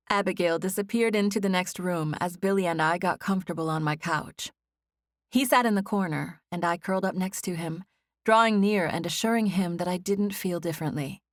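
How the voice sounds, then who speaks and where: Gentle, lower-voiced woman narrating. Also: brisk, dry recording, clean studio sound. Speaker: audiobook narrator. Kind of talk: scripted first-person narration.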